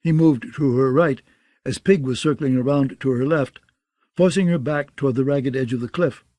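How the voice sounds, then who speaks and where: A man reading an audiobook in a steady, measured way. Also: mid-range voice, no echo. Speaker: audiobook narrator. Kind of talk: scripted audiobook narration.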